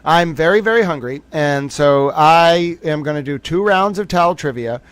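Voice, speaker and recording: A man's voice: on the high side, animated, normal speed, clear, resonant tone, no echo. A man hosting a livestream of a trial, talking casually to his viewers in a rambling, jokey, self-mocking way. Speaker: livestream host commenting on a trial.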